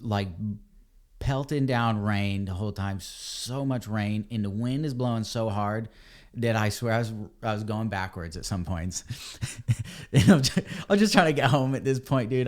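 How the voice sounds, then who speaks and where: A man, a podcast guest, telling a story in a casual, animated way and calling people dude and man. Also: lowish voice, measured pace. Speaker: podcast guest, ebike company cofounder.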